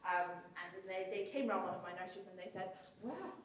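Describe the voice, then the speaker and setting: A woman giving a conference keynote as a chief executive, talking in a lively, irreverent way with wry asides. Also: lowish voice, brisk. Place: hotel conference hall. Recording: echoey hall, mic from far off.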